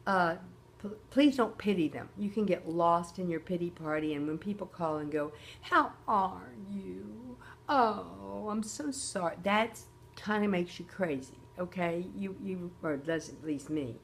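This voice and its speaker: A woman's voice: on the low side, normal speed, slight background noise. An older woman hosting a casual makeup tutorial, chatty and often checking in with her viewers. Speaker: host.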